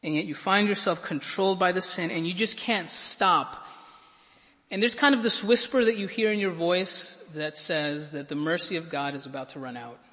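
A man preaching with a high, bright, forceful voice, earnest and prone to stumbling over repeated words. He surges to emphatic peaks as he drives his points home. The sound carries the long reverb of a large hall. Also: normal speed. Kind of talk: sermon.

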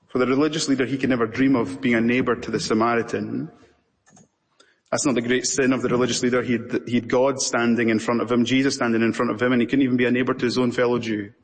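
A man with a Scottish accent preaching an impassioned sermon, with long pauses between phrases. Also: mid-range voice, level tone. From Scotland. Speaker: pastor. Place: church sanctuary. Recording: reverberant church hall.

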